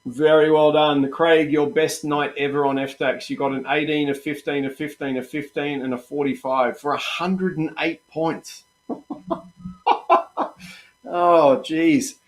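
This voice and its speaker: A man's voice: a little high, fairly even intonation, a little slow. A middle-aged Australian man hosting a live trading stream, chatty and encouraging, calling viewers "mate" and "guys". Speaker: live trading room host.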